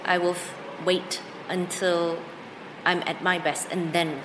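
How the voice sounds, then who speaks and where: A woman guest in an interview, speaking slowly and earnestly with an inspirational tone. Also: on the low side, level tone, noisy background. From foreign to the Philippines. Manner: slow, earnest and inspirational, with frequent laughs. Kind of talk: heartfelt interview answers. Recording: echoey room with faint background.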